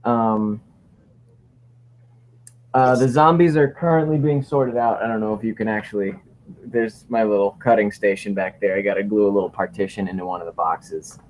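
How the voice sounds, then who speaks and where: A man's voice: fairly low pitch, steady tone, normal speed, darkish tone, slight background noise. A man co-hosting a casual livestream, rambling and joking as he reads viewer questions. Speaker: livestream co-host.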